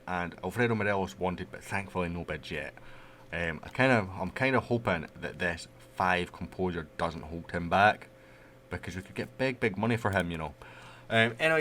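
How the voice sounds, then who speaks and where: A man's voice: low-pitched, a bit bright, a little hiss or hum. A man giving casual, rambling commentary over a management game he plays. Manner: chatty, rambling, loose. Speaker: gaming YouTuber.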